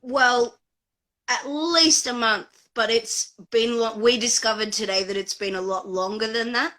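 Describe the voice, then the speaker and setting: A woman guest on a live video chat, speaking emotionally and haltingly about a hard time. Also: a little high, pushed and bright. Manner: emotional, halting, searching for words. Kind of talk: casual live-stream chat.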